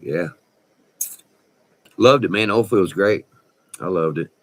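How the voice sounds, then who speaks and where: Low-pitched and taking it slowly, a middle-aged West Texan vlogger drawls through slangy, folksy tales of his time in the oil fields, laughing between remarks. The recording is dry.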